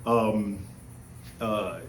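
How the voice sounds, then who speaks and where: A man with a mid-range voice tells stories from his days in Air Force basic training, breaking into laughter and shouting out the lines of the people in them. He sounds a little away from the mic, in a roomy, echoing space with a faint hum of ambience behind him. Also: on the low side, extremely slow, distant mic. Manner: animated, laughs often, acts out yelling in quotes. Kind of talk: casual storytelling. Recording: echoey room, voice a bit off-mic.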